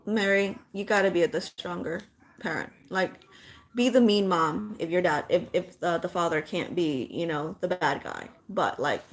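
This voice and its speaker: A woman's voice: lowish voice, normal speed. Blunt, frank mother talking casually. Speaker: mother giving parenting advice. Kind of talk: casual chat to viewers.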